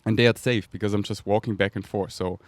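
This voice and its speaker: This fast-talking podcast host has a fairly low, steady voice, a German accent and an echo-free sound. He meanders dreamily through a casual spiritual monologue, often breaking into laughter and breathy whooshes.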